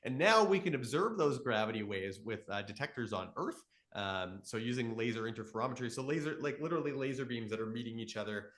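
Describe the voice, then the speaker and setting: A man in his thirties from Canada explains astronomy in a live Q and A. His pitch swings widely, rising and falling as he tells stories with enthusiasm. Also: fast, few pauses. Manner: enthusiastic storytelling, animated voices in quotes. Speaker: astronomy educator.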